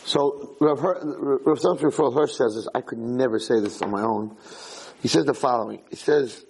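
A man's voice: mid-range voice, normal speed, gravelly, darkish tone, breathy edge, rough recording. A tired man teaching an informal Torah class, telling a joke in a chatty, storytelling way. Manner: chatty storyteller, acts out the characters. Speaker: rabbi giving a Torah class.

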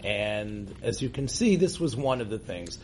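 A man's voice: lowish voice, lively intonation, measured pace, darkish tone, slight background noise. A man from the United States, a rabbi teaching a class to a room of listeners, speaking in a loose conversational way and often checking in with "right?". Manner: conversational, tags points with "right?", restarts often. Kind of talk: informal religious lecture. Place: classroom with an audience.

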